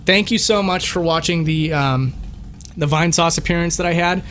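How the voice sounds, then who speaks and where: A man's voice: fairly high pitch, normal speed, fairly bright tone, slight background noise. Chatty Boston-raised male streamer. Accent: light Boston. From Boston, USA. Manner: chatty, laughs easily, frequent restarts. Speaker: livestream host. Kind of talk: casual livestream chat reading donations.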